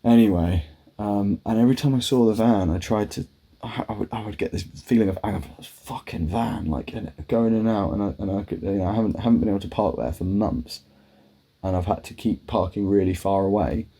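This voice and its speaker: A man's voice: lowish voice, brisk, warm tone. A man telling a rambling personal story in a casual monologue, swearing often and acting out his own quoted lines. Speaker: vlogger.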